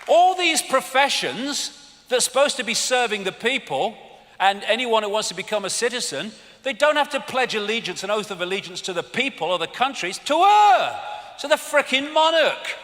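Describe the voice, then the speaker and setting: An English man giving a live seminar lecture, animated and mocking, swearing freely. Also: extremely high pitch, normal speed. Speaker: seminar speaker. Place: lecture hall with audience. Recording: long hall reverb, faint audience.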